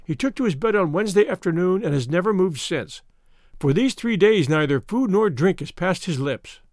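A man's voice: sits high, animated, normal speed, darkish tone, dry recording, studio quality. A man doing an anxious, pleading old housekeeper. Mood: worried. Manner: urgent, pleading. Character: anxious devoted older female housekeeper.

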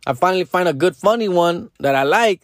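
A man's voice: sits high, expressive, fairly quick, dry recording, clean studio sound. A man in his thirties talking in a casual, rambling vlog monologue, cursing freely and dropping Spanish slang as he explains his comedy videos. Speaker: social media comedy creator.

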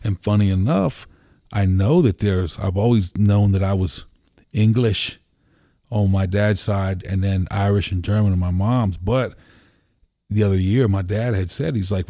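A man's voice: on the low side, unhurried, mellow, dry recording, clean studio sound. A man from Pennsylvania, a podcast guest, telling stories in a loose, rambling way, full of "you know" fillers and casual swearing. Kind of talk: casual storytelling conversation. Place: home room.

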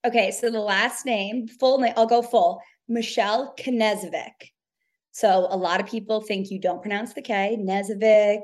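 Young woman from New York, chatty storyteller, mid-pitched voice, casual interview guest. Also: steady tone, normal speed. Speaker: radio producer and host.

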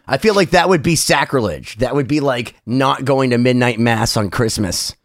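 A man's voice: medium pitch, moderate pace, no room sound, studio quality. A man co-hosting a podcast, rambling and joking through a casual chat with some swearing. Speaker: co-host.

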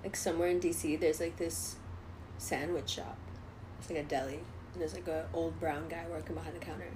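A woman's voice: low-pitched, a little fast, noisy background. A young adult woman telling a story in casual chat, swearing freely and acting out what others said. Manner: animated, swears freely, acts out quoted voices.

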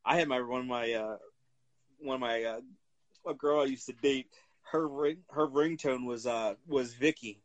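A man with a mid-range voice speaks at normal speed as co-host of a wrestling podcast. The chat is casual, and he is an animated storyteller who swears freely and laughs through his stories.

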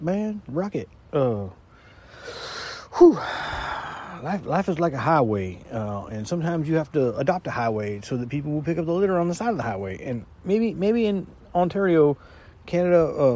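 A man's voice: medium pitch, mellow, husky. A man delivering a rambling, stammering comic monologue as a regular caller, losing his train of thought.

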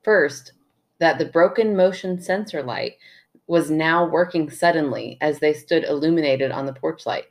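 A woman's voice: low voice, moderate pace. A young adult woman co-hosting a podcast, casually reading out a listener's story and teasing her co-host, laughing easily.

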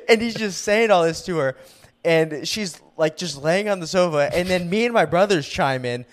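Young male podcast co-host, slightly high voice, laughs through his stories, loose casual chat. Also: big pitch swings, measured pace, slight background noise. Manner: laughs often while telling stories; says "dude" and "like" a lot.

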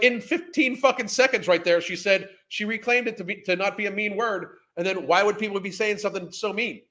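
Male podcast host, high bright voice, profane incredulous rant. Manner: profane, exasperated, incredulous ranting. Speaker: podcast host reacting to clips. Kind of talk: ranting commentary.

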